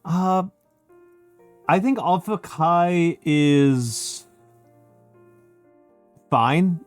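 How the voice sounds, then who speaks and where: A man's voice: on the high side, drawn-out words, faint music behind. A middle-aged man from Chicago with a Chicago accent touched by New York, chatting casually on a stream in a rambling, self-correcting way full of fillers. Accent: Chicago with some New York. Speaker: VTuber streamer.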